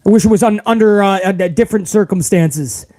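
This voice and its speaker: High-voiced man ranting on a live stream. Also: a little fast. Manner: profane, animated, calls viewers bro. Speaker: live stream host reading chat. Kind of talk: casual live stream rant.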